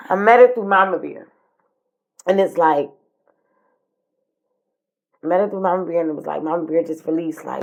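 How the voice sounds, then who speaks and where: A woman, co-hosting a podcast, telling a personal story in casual talk, by turns animated and tearful, dropping to near-whispers. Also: mid-range voice, normal speed, highs cut off. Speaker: podcast co-host.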